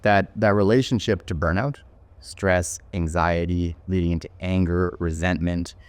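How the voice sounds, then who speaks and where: Thoughtful podcast host, man, low voice, dry close mic, keeps checking in with the guest. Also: fairly even intonation, moderate pace, clear, resonant tone, no room sound. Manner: thoughtful, many "right?" tags and restarts. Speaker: podcast host and company owner. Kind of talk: casual podcast interview.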